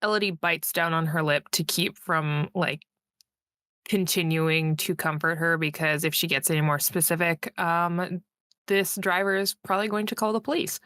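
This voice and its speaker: A woman's voice: on the low side, steady tone, normal speed, a bit bright, no echo. Reassuring woman player, dry sound. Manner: soothing, reassuring. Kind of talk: playing a tabletop role-playing game.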